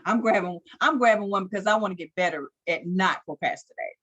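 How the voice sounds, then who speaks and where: A woman's voice: mid-range voice, quick pace, fairly bright tone. A woman hosting a live online interview, talking unscripted and cheering her guest on with lots of affirmations. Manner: enthusiastic, unscripted, many affirmations. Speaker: host.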